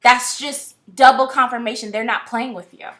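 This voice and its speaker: A woman's voice: on the high side, normal speed. A woman reading tarot cards in a casual, blunt, talkative vlog style, often exasperated and swearing now and then. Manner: chatty, blunt, animated, swears. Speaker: tarot reader.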